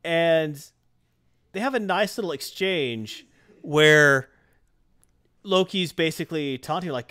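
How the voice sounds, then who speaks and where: A man hosting a casual chat, animatedly retelling a comic and acting out its lines. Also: on the high side. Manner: animated retelling, acts out dialogue in quick voices. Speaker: podcast host recapping a comic.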